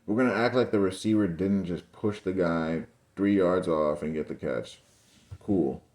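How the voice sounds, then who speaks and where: A man's voice: sits low, moderate pace, darkish tone. A young man giving casual video commentary over game footage, ranting in exasperation and calling his viewers guys and bro. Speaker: football commentary channel host.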